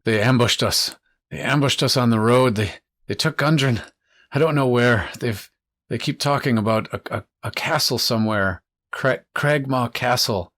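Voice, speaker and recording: A man's voice: medium pitch, moderate pace, a bit bright, natural voice. A man voicing a rescued prisoner who stammers with urgency. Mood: urgent. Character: shaken rescued male prisoner, adult.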